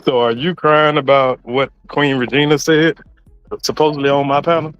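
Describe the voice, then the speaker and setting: A man with a somewhat high voice argues sarcastically, mocking the other man and repeating his points. The sound is dull and lo-fi, with faint music underneath. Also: fairly even intonation, normal speed, fairly bright tone. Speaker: online content creator. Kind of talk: heated casual argument.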